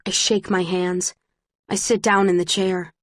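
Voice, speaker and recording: A woman's voice: lowish voice, little pitch movement, unhurried, no echo. Woman narrating an audiobook, dry sound. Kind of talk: first-person audiobook narration.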